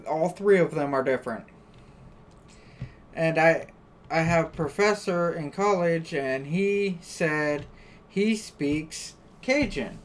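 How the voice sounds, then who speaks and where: Deep-voiced and slow-paced, this American woman chats casually during a live stream. Her storytelling recreates conversations through quoted back-and-forth lines.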